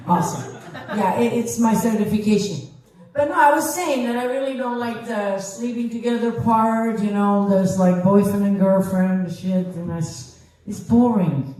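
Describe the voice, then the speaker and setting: A woman's voice: medium pitch, a little mellow. A woman in her fifties from Italy with an Italian accent, performing a brash, profane, self-mocking stand-up comedy set. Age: 50s. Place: comedy club stage. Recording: echoey room from a distance.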